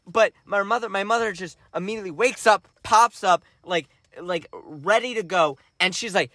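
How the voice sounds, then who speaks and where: A man with a high, bright voice tells a story on a casual podcast. He gets animated and jumps up into shrill quotes, laughing as he goes. The sound is close and dry, with no room around it. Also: moderate pace, hardly any pauses, no echo. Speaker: podcast co-host.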